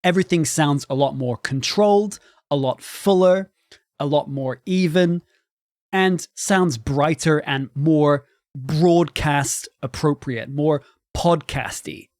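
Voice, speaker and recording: A man hosting a tutorial on microphone quality for live streaming, explaining clearly and demonstrating his voice at different volumes. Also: fairly high pitch, takes it slowly, darkish tone, no echo, clean studio sound. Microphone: studio microphone with processing.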